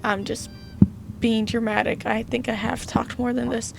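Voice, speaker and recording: A woman's voice: on the high side, little pitch movement, moderate pace, vocal fry, over loud music. A woman with a Southern US accent chatting through a detective game as a gaming host, tired and with a worn voice, thinking aloud and using cutesy stand-ins for swears. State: tired, voice wearing out. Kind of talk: casual let's-play commentary.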